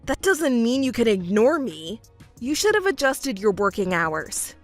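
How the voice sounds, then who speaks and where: In this texting-story voice acting, a woman takes on the role of an arrogant fiancé who scornfully lectures his partner with condescension. She speaks a little high, very animated, at a measured pace, over soft background music.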